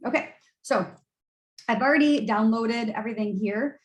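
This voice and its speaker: A woman's voice: on the high side, moderate pace, roomy sound, rough recording. A woman, a college instructor, giving a tired, casual screen-share lecture full of fillers and restarts. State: tired, yawning.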